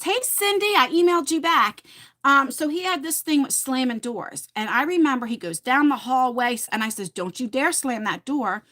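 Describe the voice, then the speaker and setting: Chatty high-voiced woman telling stories. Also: fairly bright tone. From New Jersey. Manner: chatty storytelling, talks to viewers in chat. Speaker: livestream host. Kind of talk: casual livestream chat.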